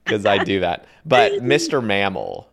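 A young man from Oregon hosting a podcast, easygoing and quick to laugh as he chats. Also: lowish voice, wildly swooping pitch, creaky, fairly bright tone. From Oregon, USA. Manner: easygoing, laughs often, many fillers. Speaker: podcast host. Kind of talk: casual podcast chat.

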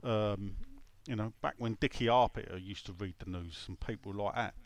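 A man's voice: fairly low pitch, normal speed, no echo. A man, co-hosting a casual podcast chat, joking and rambling with stop-start phrasing. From London. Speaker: podcast co-host.

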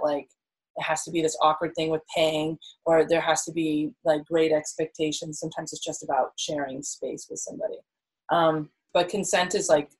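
A woman's voice: low voice, poor audio. A woman chatting casually and answering questions, playful and teasing, rambling with lots of fillers. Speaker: podcast co-host answering questions. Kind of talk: casual chat.

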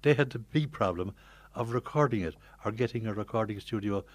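An older man, a retiring radio presenter, chatting softly and laughing easily on a studio mic. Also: lowish voice, fairly quick, no echo. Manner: soft, soothing, laughs easily. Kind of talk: casual chat.

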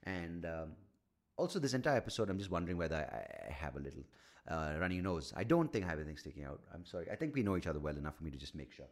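A man hosting a solo comedy podcast, rambling, swearing and mocking himself as he thinks out loud into a studio mic at home. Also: deep voice, sing-song, rapid-fire. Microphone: studio microphone.

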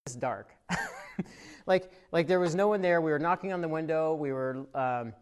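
A man preaching a sermon as a pastor, in an easy conversational way. He tells stories full of filler words. His voice swells when he gets excited and drops quiet when he reflects, in a church service recorded for people watching online. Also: on the high side, normal speed, clear, resonant tone. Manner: conversational storytelling with frequent fillers; grows animated and louder in the story, soft when reflecting.

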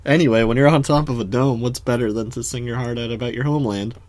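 Man co-host, mid pitch, playful banter, dry mic sound. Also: fairly even intonation, fast talker, a little mellow, dry recording. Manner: joking, laughs often. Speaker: podcast co-host. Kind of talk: casual recap chat.

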